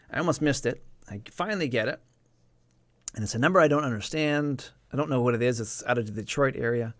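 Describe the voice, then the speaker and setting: A man's voice: medium pitch, fairly quick, dry recording. Earnest man telling a personal story. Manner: earnest, emphatic, repeats words for emphasis. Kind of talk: personal storytelling on a live stream.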